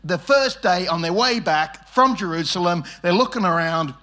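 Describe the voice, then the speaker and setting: High-voiced pastor telling jokey family stories. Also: male voice, animated, normal speed, bright, forceful tone. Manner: humorous storytelling, acts out family dialogue. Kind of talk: sermon. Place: church.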